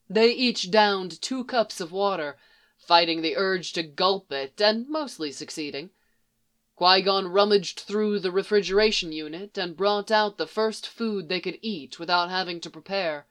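A narrator reading a story aloud in a soft, measured way. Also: mid-range voice. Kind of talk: audiobook reading of fan fiction.

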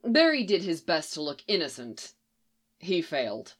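A woman narrating a story aloud in a steady, lightly acted reading. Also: fairly low pitch, a little slow.

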